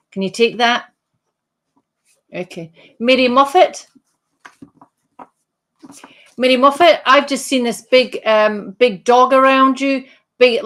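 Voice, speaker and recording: A woman's voice: mid-range voice, fairly bright tone. Woman medium, live streamed reading, searching delivery, many restarts, talks straight to the sitter. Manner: halting, repeats and restarts phrases while searching; addresses sitters directly by name. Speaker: psychic medium.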